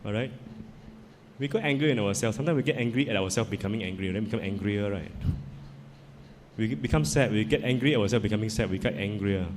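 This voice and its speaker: A man giving an animated, conversational talk as a psychologist speaker, putting questions to his audience. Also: on the low side, fast talker. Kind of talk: storytelling talk. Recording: reverberant hall, faint noise.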